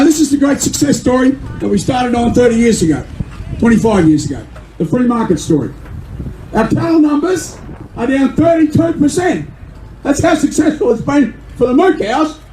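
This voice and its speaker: Fiery older Australian man, high-pitched. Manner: fiery, indignant, often shouting. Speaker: member of parliament. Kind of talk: rally speech. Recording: echoey room with faint noise.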